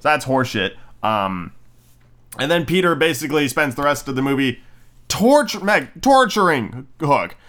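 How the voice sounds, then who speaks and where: With a slightly high, fairly bright voice, the podcaster is very animated and keeps a moderate pace through his casual film review. He curses, trips over ums and restarts, and lampoons the characters with mocking voices.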